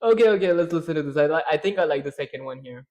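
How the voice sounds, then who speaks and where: A man's voice: on the high side, animated, racing, a little mellow. A man hosting a programming livestream, chatting casually, narrating his own steps and answering questions from the chat. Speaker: livestream host.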